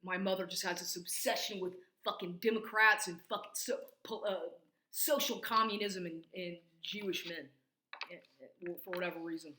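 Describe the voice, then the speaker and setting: Woman, angry rambling rant, heavy swearing; tense bright tone in a roomy space. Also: fairly low pitch, steady tone, moderate pace. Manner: profane, rambling, agitated. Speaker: vlogger.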